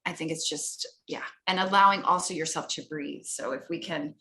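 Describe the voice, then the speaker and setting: A woman speaking coach talking casually on a video call, animated and playful, acting out people's nervous inner voices. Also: normal speed. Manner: animated, acts out inner voices with big pitch jumps.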